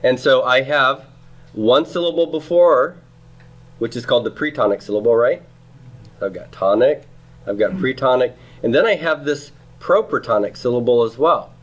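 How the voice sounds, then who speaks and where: The recording has a lo-fi sound, capturing a man with a medium-pitched voice at a moderate pace as he lectures on Hebrew grammar. He explains step by step, repeats and restarts phrases, and checks in often with "okay?" and "right?".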